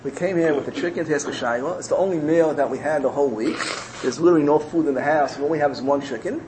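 A man's voice: on the high side, fast talker, background noise, close to an everyday voice. A man voicing a poor seven-year-old girl who pleads earnestly in a raised, eager voice. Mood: tearful.

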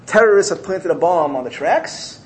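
A man gives a sermon by telling parables with animated energy, repeating key phrases to drive the point home. His speaking voice sits a little higher than most men's. A faint hiss of noise runs under the recording. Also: moderate pace, rough recording. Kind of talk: sermon built on told parables.

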